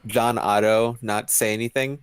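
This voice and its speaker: A man's voice: lowish voice, fairly even intonation, moderate pace, smooth, dry recording. A young man co-hosting a live stream, chatting casually and rambling with restarts and chuckles. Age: young adult. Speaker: stream co-host. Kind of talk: casual chat while writing.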